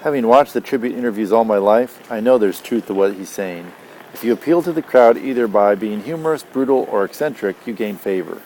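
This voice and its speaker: A father reading a novel aloud to his child, gentle and unhurried. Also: lowish voice, slight background noise. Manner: gentle, unhurried, tender asides.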